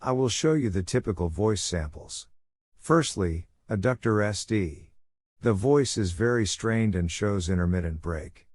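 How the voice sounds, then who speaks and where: A man's voice: fairly low pitch, animated, darkish tone, no echo, clean studio sound. A middle-aged man from Japan with a Japanese accent, giving a prepared conference lecture as a physician and reading steadily from his slides. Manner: measured, reads steadily from slides.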